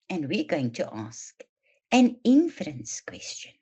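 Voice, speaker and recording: A woman presenting a teacher training webinar, explaining and demonstrating read-aloud techniques in a deliberate, emphatic way. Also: lowish voice, wildly swooping pitch, warm tone, husky. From South Africa. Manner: slow, deliberate, emphatic delivery addressing teachers. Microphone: online webinar mic. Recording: dull lo-fi webinar audio.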